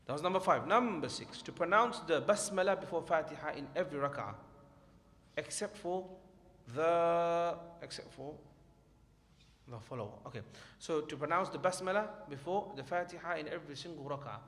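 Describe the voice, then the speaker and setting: A man's voice: a little high, normal speed, a bit bright. A man teaching a class on prayer, explaining each point and reading from a textbook in a reassuring way. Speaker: Islamic studies teacher. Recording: long hall reverb, faint background noise.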